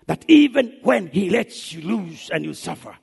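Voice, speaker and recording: A man preaching a sermon, swinging dramatically from hushed lines to shouts. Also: high-pitched, sing-song, moderate pace, gravelly, slightly rough. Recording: long hall reverb.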